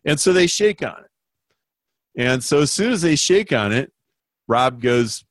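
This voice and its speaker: A man telling an anecdote in a lively, conversational way, acting out the voices of the people in it as a guest explaining marketing. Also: mid-range voice, unhurried, no echo. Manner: animated, acts out quoted voices. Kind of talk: conversational storytelling.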